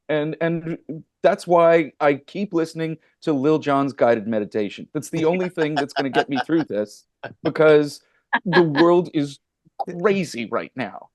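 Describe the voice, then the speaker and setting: Wry male comedian, slightly high voice. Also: a little mellow, no echo, clean studio sound. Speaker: comedian guest. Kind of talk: comic banter.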